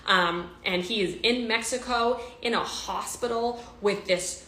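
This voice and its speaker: A woman's voice: on the high side, measured pace, sharp tone, echoey room, poor audio. A woman telling a personal story in a storytime vlog, emotional and repetitive with many restarts.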